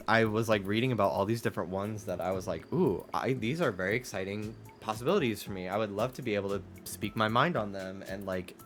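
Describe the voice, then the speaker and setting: Brief: male streamer, lively swinging delivery, swears freely, casual rant. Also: fairly low pitch. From United States. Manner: ranting, profane, animated. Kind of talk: casual chat while gaming.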